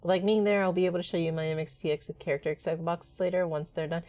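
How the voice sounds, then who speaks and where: A woman streamer giving casual let's-play commentary, excitable and chatty. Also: lowish voice, fast talker. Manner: excitable and animated.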